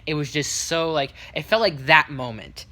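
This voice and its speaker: A man tells a casual story to his vlog audience, his voice bright and forward. He rambles, restarts and fills gaps with "like," then livens the retelling by putting on the voices of the people in it. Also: a little high. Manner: rambling, full of restarts and fillers; lively retelling with quick quoted voices. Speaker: vlogger.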